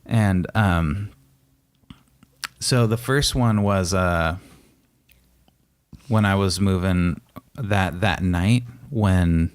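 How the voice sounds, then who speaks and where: Low-voiced male podcast co-host, earnest and calm, dry close recording. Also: very slow, long pauses, clear, resonant tone, dry recording. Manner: earnest and reassuring, calm coaching tone. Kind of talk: casual couple's podcast chat.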